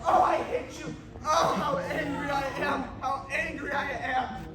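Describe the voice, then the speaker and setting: A man acting on stage as a furious, torn lover, shouting and flip-flopping between ordering away and pleading. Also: very high-pitched, little pitch movement, measured pace, crowd noise. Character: furious torn lover, shouting get out then come back. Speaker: stage actor. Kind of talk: live stage play acting. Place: school auditorium stage. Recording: very echoey hall from far off with loud audience.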